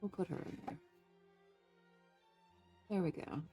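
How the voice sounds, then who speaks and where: Over soft background music, a woman talks slowly in a dark-toned voice as she chats through an art journaling tutorial. She thinks aloud, fusses and second-guesses details, and addresses her viewers in casual crafting chat.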